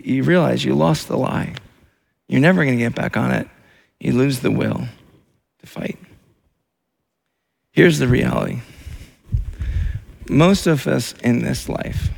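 A man's voice: medium pitch, unhurried, creaky, pauses often, a little mellow. A man preaching a sermon as pastor, in a repetitive, emphatic way with many restarts.

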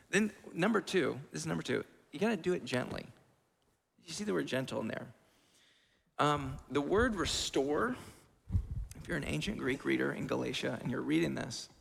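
Gravelly animated preacher in a reverberant hall. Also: male voice, mid-range voice, a little hiss or hum. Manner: animated, conversational preaching with asides. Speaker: pastor. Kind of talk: sermon. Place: church hall. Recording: long church reverb.

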